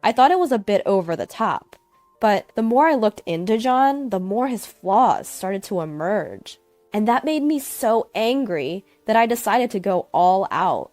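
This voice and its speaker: Woman narrating a first person story, lively pitch, dry close sound, faint music under. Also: a little slow, no room sound. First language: English.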